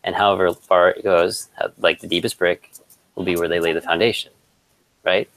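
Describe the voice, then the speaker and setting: A man with a very low voice chats casually and tells jokes at an easy, slow build. The sound is dry and close, with no room around him. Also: flat delivery, a bit bright, dry recording, low-quality recording. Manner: laid-back, chuckles often, tells jokes in a slow build-up. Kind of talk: casual chat.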